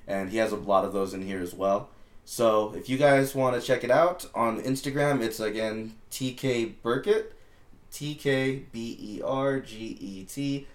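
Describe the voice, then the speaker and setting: A man's voice: fairly low pitch, normal speed. A man co-hosting a podcast in laid-back casual chat, swearing freely and laughing often. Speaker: podcast co-host. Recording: roomy echo.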